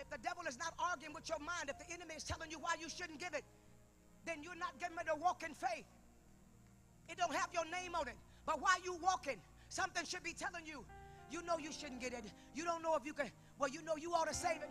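A woman preacher delivering a sermon in a large church, swinging from hushed murmurs to shouted climaxes and repeating her phrases. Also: very high-pitched, fast talker, soft background music.

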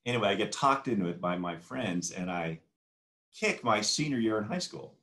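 A man in his sixties spins anecdotes as an interview guest, his low voice rising and falling with lively swings. He slips into the people in his stories as he tells them. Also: normal speed. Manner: animated anecdotal storyteller who acts out quoted dialogue. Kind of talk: casual interview storytelling.

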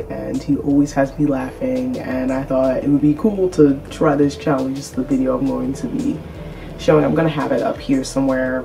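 Chatty woman vlogger, gravelly tone. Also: a bass voice, dark tone. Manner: chatty, rambling, upbeat. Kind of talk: casual vlog intro. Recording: distant mic, faint music.

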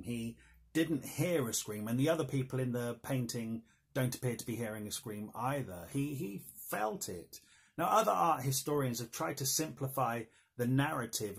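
Husky, chatty man giving an art lesson. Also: mid-range voice. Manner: chatty and jokey, laughs at own asides. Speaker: art history lecturer. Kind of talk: casual online lecture.

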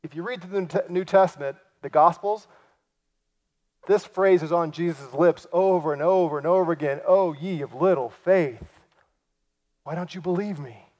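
A man preaching a sermon, acting out quoted lines and swinging from loud cries to hushed, near-whispered passages. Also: a little high, moderate pace. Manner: acts out quoted lines in lively voices. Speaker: pastor.

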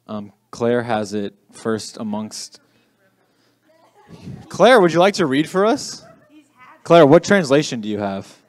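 A man's voice: medium pitch, very animated, takes it slowly, long pauses. A young adult man giving a casual youth sermon as youth pastor, chatty and self-deprecating, often checking in with "okay?". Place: church youth room.

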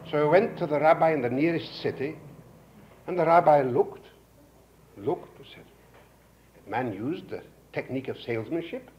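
An older man lecturing to an audience, telling a folk tale with lively character voices, on an old 1950s lecture recording. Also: muffled recording, slight background noise. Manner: animated storyteller, voicing characters with rising pitch. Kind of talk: storytelling lecture. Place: lecture hall.

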